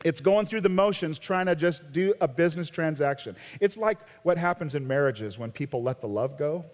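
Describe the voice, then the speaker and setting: An American pastor with a high voice delivers a sermon to his congregation at a normal pace. He is animated, surging to loud emphasis and sinking to quiet intensity, while a large sanctuary's long reverb rings around him.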